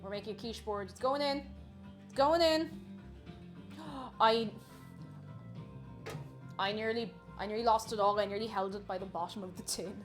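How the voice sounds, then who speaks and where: A woman's voice: mid-range voice, fairly even intonation, brisk, pauses often, soft background music. A woman chatting casually and giggling as she cooks at home and greets her viewers by name. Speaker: cooking livestreamer. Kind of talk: casual cooking livestream chat. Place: home kitchen.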